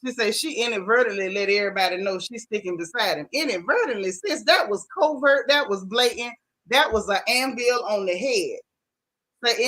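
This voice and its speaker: A woman's voice: mid-range voice, moderate pace. A woman hosting a gossip stream, chatting casually and animatedly with her viewers. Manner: animated, talks straight to her chat with "y'all", "baby" and "honey". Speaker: host of a gossip talk stream. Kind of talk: casual live-stream chat reading comments.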